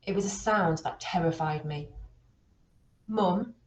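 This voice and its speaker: A woman reading a children's novel aloud, with steady, expressive storytelling. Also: fairly low pitch, normal speed, reverberant, rough recording. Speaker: reader.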